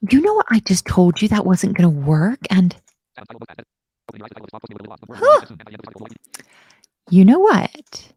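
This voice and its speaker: A woman's voice: medium pitch, a little mellow, no echo. A woman teaching web coding live, bubbly and self-mocking, often murmuring half-whispered asides. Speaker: coding instructor.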